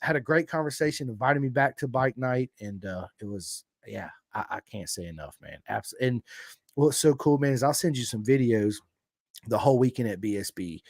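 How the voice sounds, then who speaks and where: A man with an American country accent hosting a podcast, telling stories in an excitable, swearing, up-and-down way. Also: medium pitch, normal speed, no echo, studio quality. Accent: American Southern country. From United States. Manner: excitable storyteller, swears freely, big swings in energy. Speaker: podcast host. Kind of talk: casual chat.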